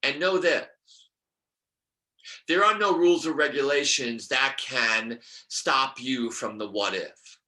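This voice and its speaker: Middle-aged guy on a video call, bright tone, talks slow, whispers bits, keeps asking the audience stuff. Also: medium pitch. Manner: expressive, drops to whispers, asks the audience questions. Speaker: numerologist guest. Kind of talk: animated teaching talk. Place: room with brick wall.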